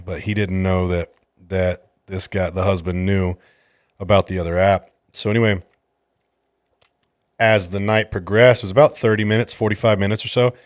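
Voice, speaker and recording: Man, low voice, profane, exasperated storytelling, dry close sound. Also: dry recording. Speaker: podcast host and jiu-jitsu gym coach. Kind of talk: casual storytelling.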